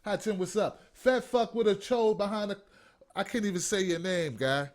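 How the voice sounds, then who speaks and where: A man's voice: high voice, normal speed. A man from Washington, D.C., hosting a live call-in commentary show, reading viewer comments and ranting bluntly with lots of profanity. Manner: profane, blunt, mocking, no filter; reads viewer comments aloud. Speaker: host.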